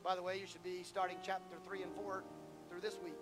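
A male pastor preaching a sermon, swinging between rising shouts and lower, mock-quoting asides. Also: level tone, a little fast, over loud music. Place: church sanctuary.

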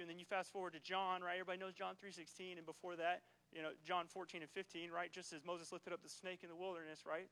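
A high, sharp-toned male voice preaches a casual church sermon on a rough recording. He often checks in with his congregation, asking "right?" again and again.

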